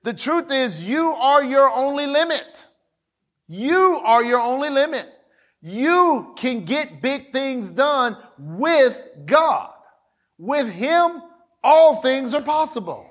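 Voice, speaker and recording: Casting: a fiery male pastor with a very high voice, shouting his sermon. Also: very animated, slow pace. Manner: fiery, calls for audience response, often shouts.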